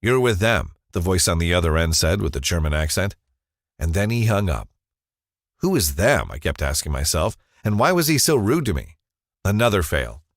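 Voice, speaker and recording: A man's voice: sits low, sing-song, brisk, no room sound, studio quality. A man narrating a scripted first-person advertisement story in a dramatic, confessional storytelling manner.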